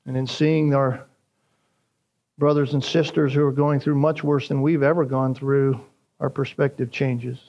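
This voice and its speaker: A man preaching a sermon, emphatic and rising in pitch on key phrases. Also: flat delivery, a little slow, a little mellow. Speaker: pastor.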